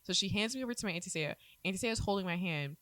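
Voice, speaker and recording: A woman, co-hosting a podcast and telling a story in a casual, profane, animated way. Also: medium pitch, quick pace, no room sound. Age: 20s. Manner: animated, profane, acts out quotes. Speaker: podcast co-host.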